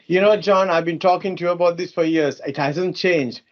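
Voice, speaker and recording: A man's voice: sits high, steady tone, a little fast. A man giving emphatic, upbeat closing remarks as a panelist in an online discussion. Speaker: panelist, vendor representative. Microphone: video call. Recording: muffled video call audio.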